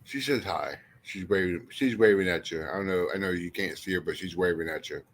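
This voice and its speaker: A man's voice: low-pitched, a little fast, slight background noise. A man chatting casually on a livestream, rambling and swearing freely as he talks to viewers. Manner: rambling, profane and animated, talking to chat.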